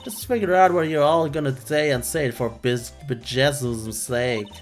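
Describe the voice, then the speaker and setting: A man voicing a brash young country woman photographer in a put-on Southern drawl, loud and folksy, reading game dialogue. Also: medium pitch, normal speed, soft background music, lightly acted. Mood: scolding. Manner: loud, twangy, folksy and bossy.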